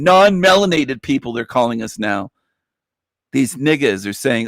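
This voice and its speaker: A man's voice: moderate pace, fairly bright tone, no echo, studio quality. A man hosting a livestream show, ranting in a mocking, profane, combative way and slipping into sarcastic whiny impressions. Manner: sarcastic, with falsetto whining impressions.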